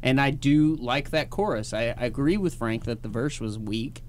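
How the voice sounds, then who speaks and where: A man on a radio panel giving a frank, measured verdict on a song. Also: medium pitch, slight background noise. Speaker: radio co-host. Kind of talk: casual radio banter.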